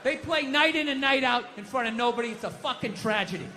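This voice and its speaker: A man doing stand-up comedy, telling stories in a shouting, profane rant and putting on mock voices, on a comedy stage. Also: extremely high pitch, quick pace. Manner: animated storytelling with mock voices. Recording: echoey live venue with audience noise.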